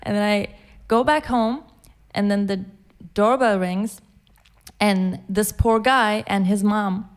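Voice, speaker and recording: A woman's voice: mid-range voice, takes it slowly, smooth. A young woman hosting a casual podcast chat who laughs and swears through her own stories. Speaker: podcast host.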